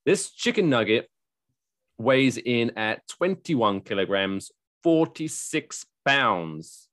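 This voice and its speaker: A man's voice: mid-range voice, takes it slowly. A man co-hosting a podcast in casual chat, joking around and slipping into silly voices. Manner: jokey, animated, slips into silly voices. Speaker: podcast co-host.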